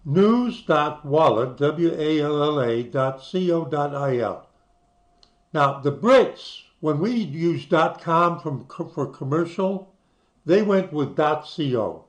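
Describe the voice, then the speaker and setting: A man's voice: on the high side, animated, slow. An older man from the United States who talks you through websites in a casual screen-share, spelling things out letter by letter. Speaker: channel host.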